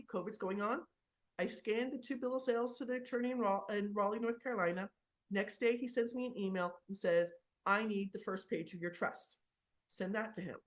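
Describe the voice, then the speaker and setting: A middle-aged woman, a real estate investor, telling a personal story about taxes in a casual, chatty way with many fillers while sharing her screen. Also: medium pitch.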